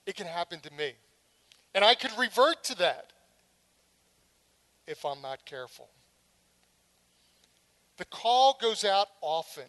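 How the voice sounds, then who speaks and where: A middle-aged woman delivers a sermon in a lively, storytelling manner. She acts out scenes with dramatic flair and drops wry humorous asides between her points. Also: lowish voice, a little slow, long pauses. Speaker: preacher.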